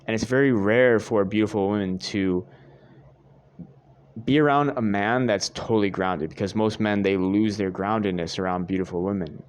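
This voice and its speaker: Earnest low-voiced young man coaching. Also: normal speed, clean tone. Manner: earnest, repetitive, addresses viewers as guys. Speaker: dating coach. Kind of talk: direct-to-camera advice monologue.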